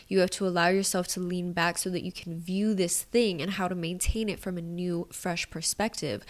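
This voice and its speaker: A woman hosting a solo podcast, talking in a casual, frank way, swearing freely and sometimes dropping into quiet asides. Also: medium pitch. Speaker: podcast host.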